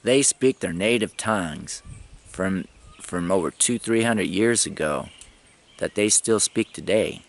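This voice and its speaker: A man's voice: deep voice, animated, unhurried, gravelly. A middle-aged man in a casual travel vlog, rambling and chuckling as he tells stories. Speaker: travel vlogger.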